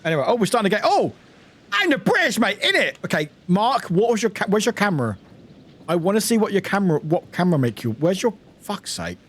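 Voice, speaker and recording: A young British man streaming a video game, chatting casually with lively outbursts, jokes and laughter. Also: sits high, fast talker, a little hiss or hum. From United Kingdom. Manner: animated, laughing, swearing, chatty. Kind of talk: casual gameplay commentary.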